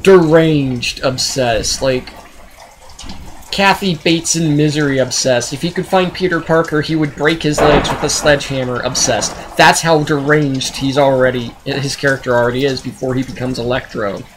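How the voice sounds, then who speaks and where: A man reviewing a movie in a sarcastic, exasperated rant, often jumping into high, incredulous outbursts. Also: fairly even intonation, moderate pace, noisy background.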